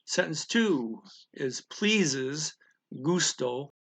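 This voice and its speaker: A man's voice: a little high, lively intonation, drawn-out words, a bit bright. A man teaching a language lesson in a casual way, explaining step by step and often checking in with "okay?" and "right?".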